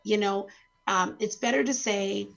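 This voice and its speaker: A woman guest on a panel discussion over a video call, speaking gently and hesitantly with many fillers. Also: medium pitch, steady tone, measured pace, creaky, dull audio.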